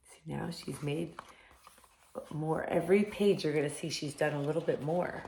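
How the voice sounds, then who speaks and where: A woman, a kindergarten teacher, reading a picture book aloud to young children in an animated storytelling manner and inviting them to say lines along with her. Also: lowish voice, measured pace, gravelly. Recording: roomy echo.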